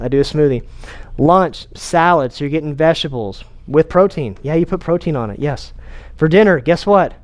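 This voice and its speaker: A middle-aged man with a light Texan accent giving a relaxed, energetic seminar. His voice sits high and sounds smooth and clear. He talks loosely and often restarts or repeats himself. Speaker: chiropractor giving a health talk. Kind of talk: casual seminar talk to an audience.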